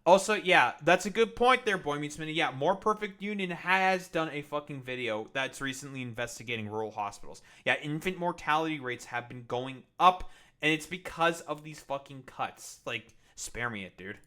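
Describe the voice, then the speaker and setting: A man's voice: mid-range voice, lively intonation, moderate pace, pushed and bright. A young man streaming, reacting to news clips with sarcastic, profane interjections. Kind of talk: casual reaction commentary.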